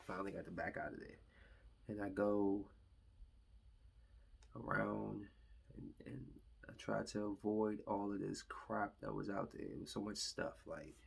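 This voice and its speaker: A man's voice: on the low side, gravelly, slight background noise. A young man hosting his own podcast, telling a long, rambling story full of fillers and asides. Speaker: podcast host. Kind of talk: casual storytelling monologue.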